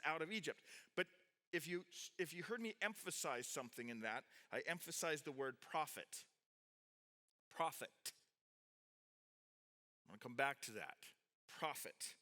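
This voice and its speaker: A man leading a sermon with a high, bright voice. He reads scripture, breaks off to explain, and asks his listeners questions, restarting his sentences as he goes. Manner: animated, with restarts, questions to the audience. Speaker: pastor teaching a youth group. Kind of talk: sermon with Bible reading.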